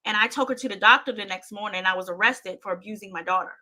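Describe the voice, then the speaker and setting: A woman's voice: mid-range voice, racing, bright, forceful tone. A woman hosting her own show, telling a painful personal story with intensity, often repeating herself and speaking straight to her listeners. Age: adult parent.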